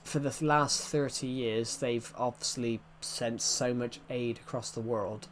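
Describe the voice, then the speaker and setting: A young Englishman with an English accent talks casually while he streams a game. His voice sits at an ordinary middle pitch. He rambles along, repeats phrases and restarts sentences as he goes. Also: fairly even intonation, unhurried, slight background noise. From England.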